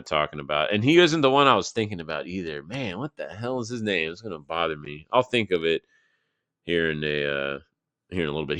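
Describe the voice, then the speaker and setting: Casting note: man, 30s, from Texas, casual market host, low crisp voice, swears freely, rambles. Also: bright, forceful tone, no room sound. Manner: loose and profane, thinking aloud with fillers. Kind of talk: casual live chart commentary.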